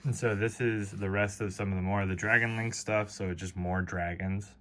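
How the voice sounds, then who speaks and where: A chatty, playful man walks his wife through a card game with loose comparisons. His voice sits low but comes across bright and forceful. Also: fairly even intonation, fairly quick. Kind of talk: casual explanation at a table.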